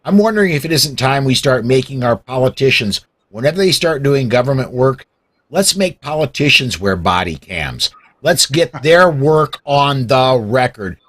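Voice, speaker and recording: A man's voice: medium pitch, big pitch swings, moderate pace, fairly bright tone. A man hosting a political podcast in casual talk, who starts with hesitant restarts and then builds to emphatic points. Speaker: podcast host.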